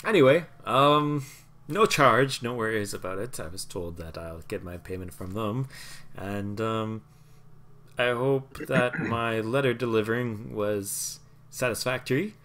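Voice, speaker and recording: A man's voice: fairly low pitch, unhurried, a bit bright. A man voicing an eager, nervous little male halfling courier who rambles and is overly polite. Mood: chirpy.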